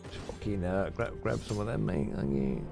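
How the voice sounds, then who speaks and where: A man's voice: low voice, expressive, normal speed, creaky, over music. A man casually commentating on a strategy game while streaming, chatty and swearing freely as he mutters to himself.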